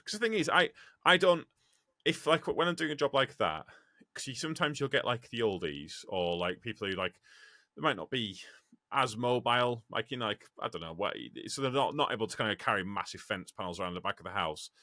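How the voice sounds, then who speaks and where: A man, a truck driver and podcast co-host, telling rambling stories in excitable casual chat with some swearing. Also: mid-range voice, brisk, no room sound, clean studio sound.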